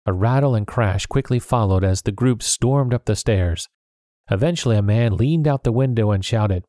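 A man narrating a storybook chapter in a steady, plain first-person reading. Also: lowish voice, moderate pace, no room sound, clean studio sound. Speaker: audiobook narrator.

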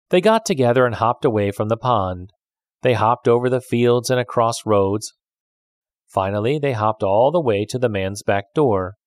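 A man reading a children's fable aloud, with an expressive storytelling delivery. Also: lowish voice, dry recording, clean studio sound.

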